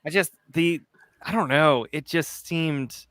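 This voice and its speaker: A man's voice: a little high, takes it slowly, a bit bright, dry recording. A man co-hosting a casual true-crime chat, rambling and hesitant at times. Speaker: co-host.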